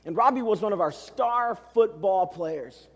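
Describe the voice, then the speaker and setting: A middle-aged man preaching a storytelling sermon, animated and self-deprecating as he talks to his congregation. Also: high voice, a little slow, breathy edge. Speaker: pastor. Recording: long hall reverb.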